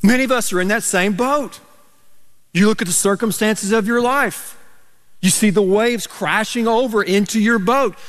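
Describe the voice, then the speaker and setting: A pastor preaching a sermon, telling stories with animated, emphatic delivery. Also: male voice, high-pitched, normal speed. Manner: animated storytelling, rising to emphatic peaks. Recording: reverberant church hall.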